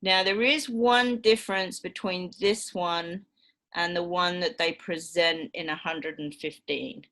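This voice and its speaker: A woman's voice: on the low side, steady tone, a little slow, a bit bright. A woman with a British accent giving a university lecture, patiently explaining with frequent ums and okays. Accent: British English.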